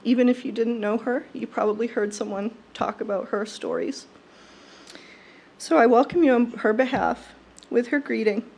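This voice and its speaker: A woman's voice: on the high side, steady tone, gravelly, husky. Fond young woman giving a eulogy. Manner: warm, fond and measured. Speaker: eulogy speaker. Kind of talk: prepared eulogy. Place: funeral service.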